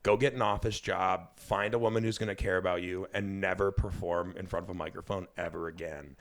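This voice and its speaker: A man with a fairly low voice tells stories from his comedy life on a podcast. He swears freely and laughs often, loose and high. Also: fairly quick. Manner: profane, laughing, animated storyteller. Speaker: comedian guest. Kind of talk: casual podcast storytelling.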